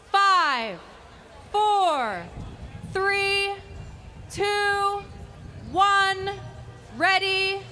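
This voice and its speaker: A woman calling time warnings and a countdown at a race, slow and drawn out. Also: very high voice, pushed and bright, slight background noise. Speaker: race timekeeper.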